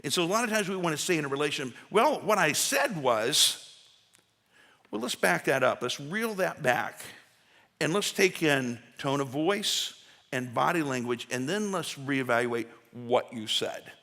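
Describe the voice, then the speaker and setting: A man's voice: a little high, animated, moderate pace, pushed and bright. A man preaching a conversational sermon as pastor, folksy and full of asides and restarts. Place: church sanctuary. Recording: long church hall reverb.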